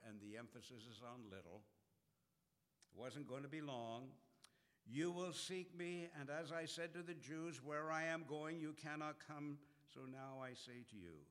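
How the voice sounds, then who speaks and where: A man preaching a sermon, calling out quoted scripture loudly and then dropping to a low, soft voice. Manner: swells loud on quoted scripture, drops low and soft after. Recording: long hall reverb.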